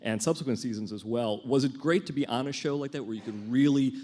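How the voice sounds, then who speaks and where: A man hosting an interview talks at a quick clip in a mid-range voice. He strings his questions together and often praises his guest as he asks. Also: medium pitch, mellow. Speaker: interview host.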